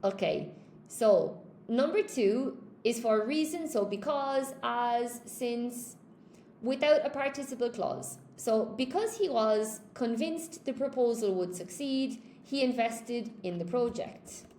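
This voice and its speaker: A woman's voice: a little high, expressive, slow, a little mellow, roomy sound, a little hiss or hum. A woman with a Cork Irish accent teaching an English grammar lesson in a live stream, chatty, often checking in with "okay?" and greeting viewers by name. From Ireland.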